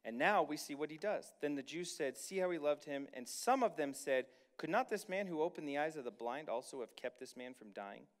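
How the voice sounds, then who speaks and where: Man, pastor, sermon, somewhat high voice, emphatic, casual asides. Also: expressive. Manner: reads scripture then comments casually to the congregation; emphatic, slows down to stress key lines.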